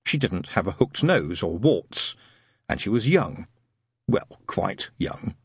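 A man narrating a comic novel as an audiobook, wry and expressive, switching into character voices. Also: deep voice, takes it slowly, husky, no room sound.

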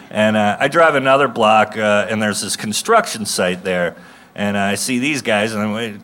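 A man in his thirties tells a stand-up comedy story in a low, bright, forceful voice. He rants and breaks into bursts of mock rage. A faint hum of ambience sits behind him. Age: 30s.

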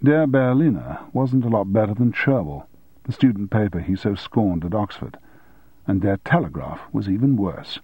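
A man narrating an audiobook in a measured storytelling manner. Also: fairly low pitch, expressive, husky, no echo. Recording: dull dry studio audiobook recording.

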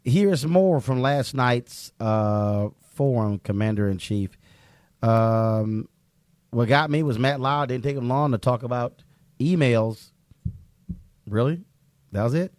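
A man hosting a call-in talk radio show, relaxed and drawling, reading out the phone number. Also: mid-range voice, takes it slowly, no echo, studio quality.

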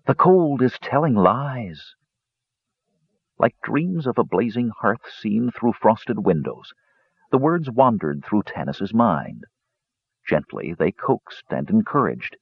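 A man reading a fantasy story aloud in expressive scripted narration, giving each character a voice. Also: on the low side, slow pace, vocal fry, husky, dry recording, muffled recording. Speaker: audiobook narrator.

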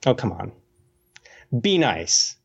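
A man's voice: on the low side, sing-song, creaky, slightly rough. Rambling man with a muffled sound. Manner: rambling, explanatory, hesitant with many pauses. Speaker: podcast co-host. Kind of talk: casual podcast chat about films.

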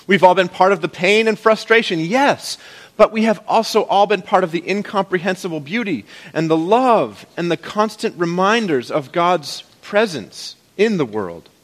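A man's voice: sits high, lively intonation, normal speed. A man as pastor, preaching to his congregation in a conversational, playful way. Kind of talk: sermon.

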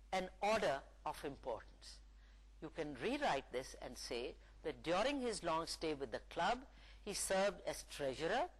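Slow, lilting woman lecturer. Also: mid-range voice, poor audio. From Pakistan. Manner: slow, deliberate, reading example sentences aloud. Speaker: university English lecturer. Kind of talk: recorded lecture.

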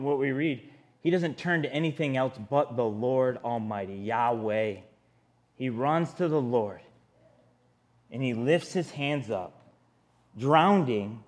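A man preaching a sermon in an earnest, conversational way, often speaking straight to his listeners. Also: mid-range voice.

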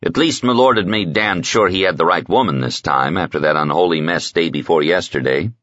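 A man narrating an audiobook in a measured, even storytelling manner. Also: low voice, no room sound, muffled recording. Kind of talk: scripted narration.

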